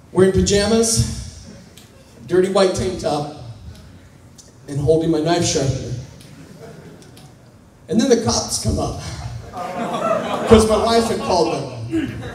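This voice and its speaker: A man with a high voice tells a comic story from the stage, animated and poking fun at himself as he acts out each moment. The sound comes from a distance in a big echoing hall, with a faint hum of room noise underneath. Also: a little slow, long pauses. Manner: animated, self-mocking, acts out scenes. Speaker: conference speaker. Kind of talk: comic storytelling talk to a live audience. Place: large conference hall. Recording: echoey hall, voice picked up from a distance.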